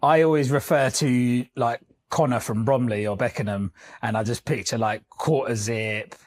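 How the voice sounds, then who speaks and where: A man's voice: medium pitch, steady tone, moderate pace. A man co-hosting a podcast, reacting with laughs and short remarks in casual chat.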